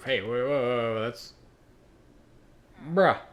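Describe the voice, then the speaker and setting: A man's voice: mid-range voice, takes it slowly, a bit bright. A young man from Ireland narrating and commenting on his gameplay in a joking, self-deprecating way. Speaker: gaming video host.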